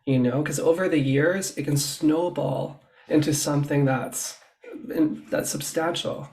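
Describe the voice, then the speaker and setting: Chatty storytelling man, fairly high voice. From Canada. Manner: chatty, animated storytelling with acted quotes. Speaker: guest, fashion stylist. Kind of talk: casual interview chat.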